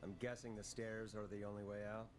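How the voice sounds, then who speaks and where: An actor playing a late-night male radio host in a video game, with a calm and measured on-air delivery. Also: on the low side, faint music behind, close to an everyday voice.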